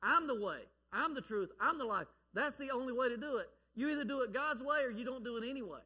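A man's voice: very high voice, animated, fast, sharp tone, husky, pitched above the performer's own voice, full character voice. A man preaching voices God, who firmly and emphatically corrects a disobedient man. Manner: emphatic, declarative.

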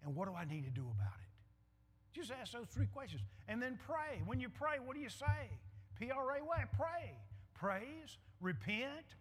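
High-voiced pastor preaching in a big hall. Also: male voice, sing-song, normal speed, breathy edge. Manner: emphatic, repeats lines, call-and-response with the congregation. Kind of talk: sermon. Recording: hall reverb.

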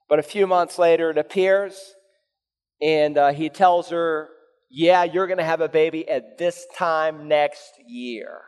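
A man preaching a sermon as pastor, animated and sometimes acting out the voices of people in his stories. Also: high voice. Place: church sanctuary. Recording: long hall reverb.

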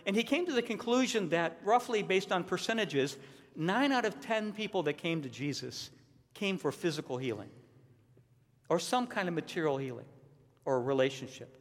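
Male pastor, emphatic sermon delivery, slightly high voice, recorded in a reverberant hall. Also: lively intonation, moderate pace. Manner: earnest, emphatic, repeats key points. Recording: long reverb of a large hall.

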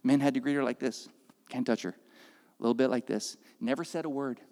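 A man preaching, telling a story with lively delivery and acted-out voices that swing from loud to hushed. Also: mid-range voice, a little fast, big-room sound. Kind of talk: sermon storytelling.

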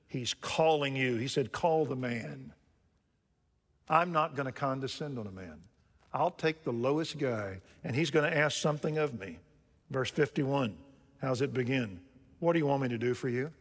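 A man's voice: mid-range voice, normal speed. A male pastor preaching a sermon, emphatic and full of rhetorical questions put to the congregation. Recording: long reverb of a large hall.

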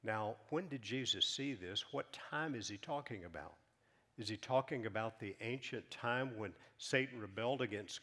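A man preaching a sermon, reading scripture aloud with rising emphasis and dropping softer when he explains. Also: fairly low pitch. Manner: reads scripture aloud with rising emphasis, then drops soft; earnest, measured teaching. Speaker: pastor.

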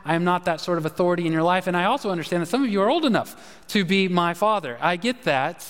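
High-voiced pastor preaching in a hall. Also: male voice, animated, quick pace, a bit bright. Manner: conversational, rambling with fillers and restarts. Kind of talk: live sermon. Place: church auditorium, live service. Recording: reverberant hall.

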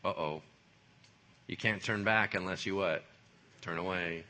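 A man preaching a sermon in a lively, conversational way, full of casual slang. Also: low-pitched, unhurried. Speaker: pastor.

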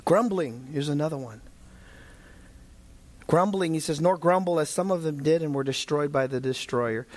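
Preacher guy with a high voice, goes from calm bible teaching to loud fired-up preaching, talks right to the congregation. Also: moderate pace. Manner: swings from calm teaching to fervent shouted preaching; addresses listeners directly as brothers and sisters. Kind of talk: sermon.

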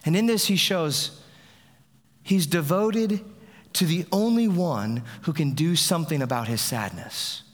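Man, pastor preaching, fairly high voice, chatty with restarts, long hall reverb. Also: lively intonation, a little slow. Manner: conversational preaching with frequent restarts. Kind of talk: sermon.

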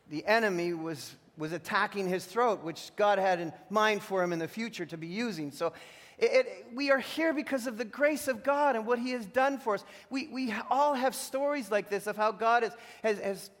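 A man's voice: high-pitched, a bit bright. A middle-aged man preaching a sermon as pastor, telling a personal story with many restarts and building to emphatic points. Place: church sanctuary. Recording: long hall reverb.

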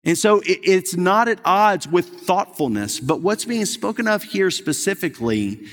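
A man's voice: sits high, expressive, unhurried. A middle-aged male pastor preaching a sermon in an earnest, conversational way, often restarting his sentences. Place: church sanctuary. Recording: long hall reverb.

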